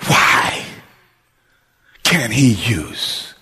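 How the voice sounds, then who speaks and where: A male pastor preaching with passion, stacking repeated phrases and building to shouted questions. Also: medium pitch, big pitch swings, drawn-out words, slightly rough, long reverb tail. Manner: impassioned, repetitive preaching with shouted climaxes. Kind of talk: sermon.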